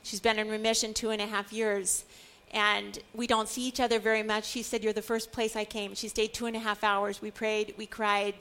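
A woman's voice: mid-range voice, little pitch movement, normal speed, few pauses, fairly bright tone. A middle-aged woman teaching a Bible study, earnest and building to emphatic declarations.

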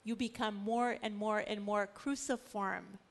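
A woman teaching a Bible study in a lively way, acting out the stories she tells. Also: medium pitch, unhurried, vocal fry. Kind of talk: animated scripture teaching.

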